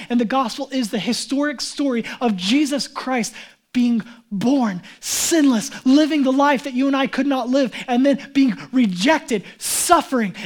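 A man preaching a sermon as pastor, talking casually and conversationally with many "like"s and acting out Bible figures in quoted speech. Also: extremely high pitch. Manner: casual and conversational, heavy use of "like".

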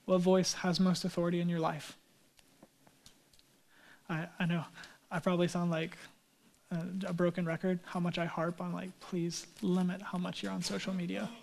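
Male pastor, 30s, high voice, earnest conversational sermon, pleading tone. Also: flat delivery, normal speed, creaky, pauses often, a little hiss or hum.

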